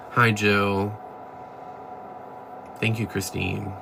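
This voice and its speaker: A man's voice: lowish voice, very slow, vocal fry, background noise. A man hosting a casual livestream chat, thanking viewers by name and ranting bluntly with plenty of profanity. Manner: reads out and thanks viewers one by one. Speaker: livestream host.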